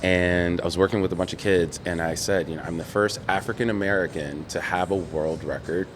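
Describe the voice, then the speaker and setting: A man with a very low, deep voice tells stories in a relaxed interview. He brings the story to life by voicing the other people in it. A faint rumble sits under the recording. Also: brisk. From New York. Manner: animated storyteller, quotes others in dialogue, laughs often. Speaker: podcast guest, former Olympic swimmer.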